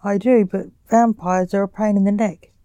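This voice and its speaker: A woman's voice: mid-range voice, fairly even intonation, normal speed, dark tone, no echo, highs cut off, natural voice. A woman reading as a curt, snappish male sorcerer. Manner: snappish, grumbling. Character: curt bureaucratic male sorcerer stage magician.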